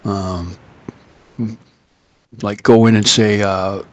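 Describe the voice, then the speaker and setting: A man hosting a live trading stream and telling a story in a loose, casual way. He acts out the people he quotes with sudden jumps in pitch. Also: moderate pace, dry recording. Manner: animated, acts out quoted voices.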